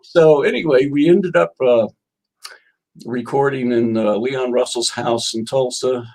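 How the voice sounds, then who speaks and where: A man's voice: mid-range voice, unhurried, a little mellow. An older man, a musician guest, telling rambling stories in an interview and reading passages from his own book. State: coughing. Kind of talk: storytelling interview.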